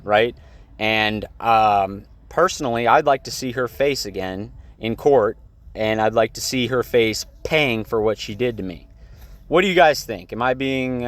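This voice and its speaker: A young man talks straight to the camera in a casual vlog. He tells his story in a loose, heated ramble, full of fillers and swearing. His voice sits at an ordinary middle pitch. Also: dry recording. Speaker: vlogger.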